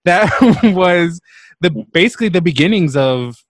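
A man's voice: high voice, expressive, a little slow, no room sound. A man hosting his own podcast, upbeat and laughing easily in casual conversation. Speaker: podcast host.

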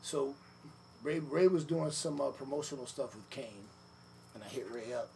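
A man with a gravelly, mid-pitched voice tells a long story as a guest in an interview. He talks easily, fills pauses with "you know" and acts out what others said. There is steady background noise under him. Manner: relaxed storyteller, many fillers, acts out quotes. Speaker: podcast guest, former wrestler. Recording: noisy room ambience.

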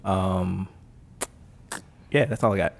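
A man of thirty co-hosting a sports podcast, laid-back and quick to laugh. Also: deep voice, steady tone, gravelly. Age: 30s. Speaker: podcast co-host. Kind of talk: casual sports chat.

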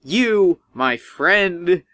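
A man's voice: sits high, expressive, drawn-out words, sharp tone, dry recording, studio quality, pitched above the performer's own voice, exaggerated voice. A man doing a giddy, gushing shifty doctor. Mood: eager. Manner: gushing, overeager. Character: giddy shifty male doctor, short and stout.

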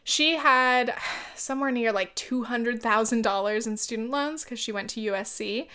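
A woman's voice: a little high, moderate pace, pushed and bright. A young woman in casual chat as a YouTuber, rambling and filler-heavy, with many ums and likes.

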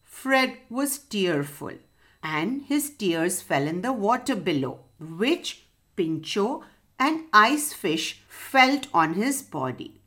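A woman hosting a children's story podcast, narrating with a gentle, expressive read-aloud delivery. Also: medium pitch, slow pace.

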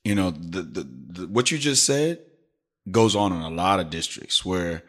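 A man's voice: low voice, measured pace. A middle-aged man, a teacher hosting a podcast, telling a workplace story in casual chat and acting out his coworkers' lines. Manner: animated storyteller, acts out coworkers' voices.

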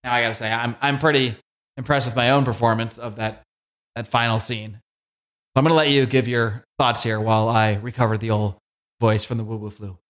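A man co-hosting a podcast, telling a comic story in a casual, animated way. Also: mid-range voice, fairly quick. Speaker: podcast co-host. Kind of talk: casual comic book review.

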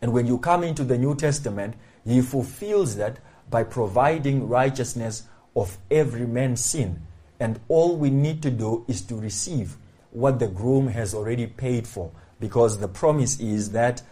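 A man's voice: mid-range voice, moderate pace, warm tone. A male pastor delivering a sermon, emphatic and repeating key phrases for stress.

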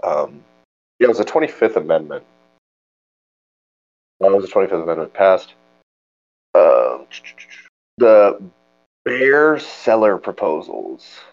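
A young man co-hosting a podcast in casual chat, animated and jokey with lots of stumbling restarts. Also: low-pitched, unhurried, long pauses. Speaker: podcast co-host. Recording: dull lo-fi recording.

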